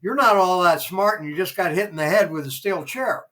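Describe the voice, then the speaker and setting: A man's voice: sits high, fairly quick, pushed and bright, rough recording. A man, a former theater promoter, telling rambling behind-the-scenes anecdotes as a podcast guest, full of fillers. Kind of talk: casual interview storytelling.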